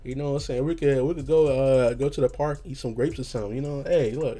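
Hoarse man rambling through a story. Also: mid-range voice, a little fast, dark tone, faint music behind. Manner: rambling, laughing, peppers talk with "you know what I'm saying". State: hoarse, just woke up. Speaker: podcast host. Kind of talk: casual storytelling monologue.

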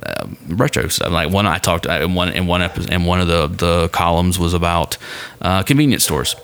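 Very deep-voiced man rambling on a podcast. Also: normal speed, fairly bright tone. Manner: rambling, many fillers and restarts. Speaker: podcast guest. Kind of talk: casual podcast chat.

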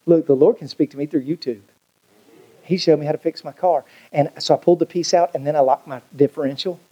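A man, a pastor preaching a sermon in a folksy, storytelling way with big swings in pitch. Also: steady tone, fast talker, warm tone, breathy edge, dull audio. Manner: folksy storytelling preacher, swooping pitch, colloquial Southern grammar.

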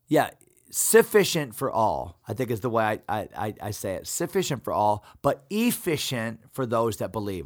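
A man who is a pastor, teaching from the Bible in an earnest, preaching cadence with repeated phrases. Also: medium pitch.

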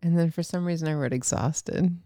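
A woman's voice: on the low side, brisk, mellow, dry recording, studio quality. A woman co-hosting a podcast in casual chat, laughing often between her words. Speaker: podcast co-host.

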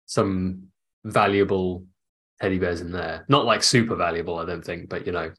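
Low-voiced man, rambling podcast co-host. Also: fairly even intonation, fairly bright tone. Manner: rambling, halting, restarts a lot. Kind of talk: casual podcast chat.

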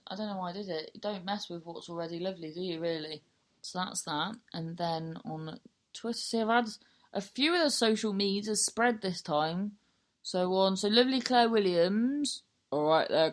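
A woman with a Cornish accent hosting a podcast, chatting casually and rambling, with frequent swearing and self-mockery. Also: lowish voice. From Cornwall. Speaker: podcast host.

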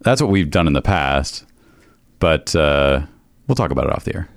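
A man's voice: very deep voice, big pitch swings, normal speed, creaky, no room sound, studio quality. A man co-hosting a podcast, bantering and announcing with a playful manner.

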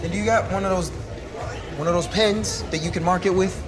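A man's voice: sits high, steady tone, a little fast, lightly acted. An actor playing a young man protesting that his banknote is real. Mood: indignant. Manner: protesting, incredulous. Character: indignant young man accused of fake money. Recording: TV clip with music and crowd.

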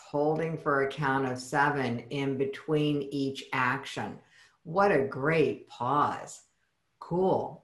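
A woman with a fairly low voice hosts an interview, playful and quick to laugh. Her voice carries a noticeable roomy echo. She keeps the talk loose and animated. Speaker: podcast host. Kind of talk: conversational interview.

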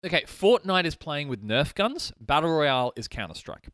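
A man's voice: on the high side, sing-song, moderate pace, fairly bright tone, no echo. A man, co-hosting a gaming podcast in casual chat, rambling through a story and laughing easily. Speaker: podcast co-host. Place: studio. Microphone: podcast mic.

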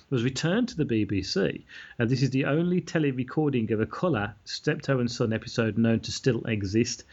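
A man's voice: mid-range voice, a little mellow, slightly rough. A man hosting a casual podcast chat, reading facts aloud from notes with frequent ums and uhs. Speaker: podcast host. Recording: slightly dull lo-fi sound.

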